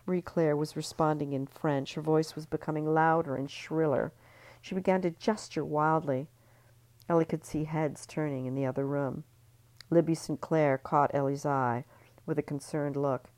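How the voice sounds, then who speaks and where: Very deep-voiced woman reading a novel. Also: no echo. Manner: calm, measured, occasional restarts. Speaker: author reading her novel. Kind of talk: audiobook-style novel reading.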